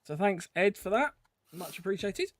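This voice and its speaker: A man's voice: sits high, moderate pace, no echo. A man hosting a podcast, chatting casually and rambling with lots of ums. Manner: relaxed, rambling, with frequent ums. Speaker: podcast host.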